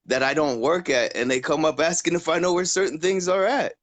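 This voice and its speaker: A man rambles through stories in a loose, laughing way, often acting out the people in them. His voice sits a little higher than most men's. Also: steady tone, a little fast. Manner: rambling storyteller, laughs a lot, acts out customers. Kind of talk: casual chat.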